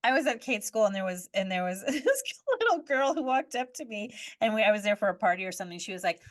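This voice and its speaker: A woman in a casual group talk, telling anecdotes animatedly with quick asides. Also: on the high side, expressive, fairly bright tone. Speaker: podcast co-host. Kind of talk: casual group discussion, storytelling.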